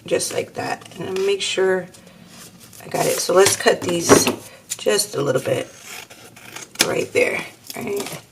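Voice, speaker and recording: A woman's voice: lowish voice, takes it slowly, gravelly, pauses often, very noisy. A woman hosting a craft tutorial, chatting casually and thinking aloud as she works, calling her viewers y'all. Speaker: crafting channel host.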